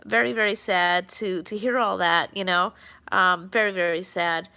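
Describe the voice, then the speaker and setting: A woman's voice: lowish voice, fairly even intonation, normal speed, gravelly, bright, forceful tone. A woman chatting casually on a live stream, rambling with many fillers and restarts. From New York.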